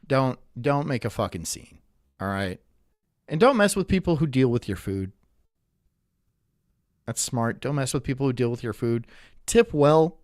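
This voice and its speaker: A man's voice: medium pitch, no room sound. Streamer guy ranting and cussing, voice jumps all over, dead dry close mic. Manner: animated, swears freely. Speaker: streamer host. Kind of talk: live stream commentary.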